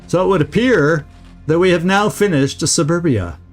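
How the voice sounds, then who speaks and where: A man's voice: a little high, moderate pace, faint music behind. A man streaming a video game, giving casual let's-play commentary, chatty and often laughing as he talks to his viewers.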